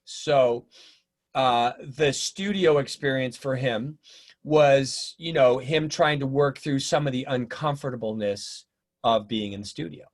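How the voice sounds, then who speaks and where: A middle-aged man telling stories in a casual interview, animated and acting out the voices of people he quotes. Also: medium pitch, unhurried. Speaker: drummer and teacher, interview guest.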